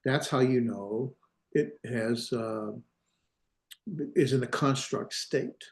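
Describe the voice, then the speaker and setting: A man who teaches Hebrew lectures slowly on grammar to a class, his voice medium in pitch. He thinks aloud as he goes, hesitating and correcting himself.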